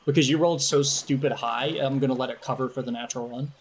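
A man running a tabletop game as game master, narrating in a relaxed, chatty way. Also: mid-range voice, fast talker, slight background noise.

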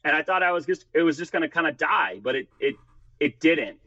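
A man's voice: fairly high pitch, brisk. Man telling stories on a lo-fi podcast. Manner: rambling, animated storytelling, acts out quoted voices. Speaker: podcast guest. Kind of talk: casual podcast storytelling. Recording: dry, dull lo-fi sound.

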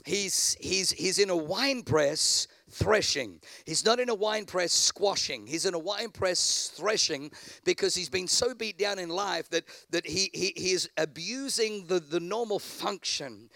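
Gravelly high-voiced preacher, dramatic swings. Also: male voice, animated, measured pace, no room sound. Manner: dramatic, swings from shouting to low asides, acts out characters. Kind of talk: sermon.

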